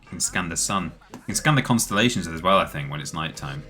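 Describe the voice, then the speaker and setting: A man's voice: deep voice, expressive, fast, pushed and bright, soft background music. A man hosting a livestream, giving casual commentary on the game he is playing with chatty, self-amused asides. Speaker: streamer host.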